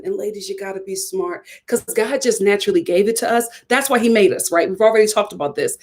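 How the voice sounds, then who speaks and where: A woman's voice: medium pitch, fairly quick, hardly any pauses. A woman giving a casual, opinionated live review of a TV episode. She laughs often and acts out what people said. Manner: chatty and opinionated, acts out quotes in voices; laughs often while talking. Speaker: TV show reviewer.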